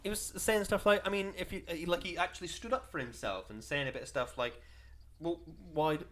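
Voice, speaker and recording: A man's voice: sits high, big pitch swings, fairly bright tone. A man co-hosting a casual podcast chat, enthusiastic and chatty. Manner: enthusiastic, fast, bouncy intonation. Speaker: podcast co-host.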